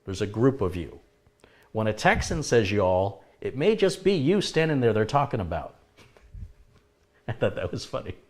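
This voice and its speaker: A man's voice: medium pitch, big pitch swings, normal speed, long pauses, darkish tone. A middle-aged man hosting a live chat stream, reading viewer comments aloud and answering them in a chatty way, laughing now and then at his own remarks.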